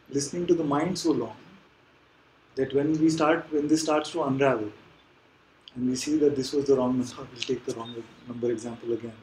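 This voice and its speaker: A man with a somewhat high voice gives a calm, patient spiritual talk to a live gathering. He explains with easy conviction and keeps checking that his listeners follow him. A faint hiss sits under his voice. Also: rough recording. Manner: gentle, patient, with frequent tag questions like "no?". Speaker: spiritual teacher. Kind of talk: live satsang Q&A teaching.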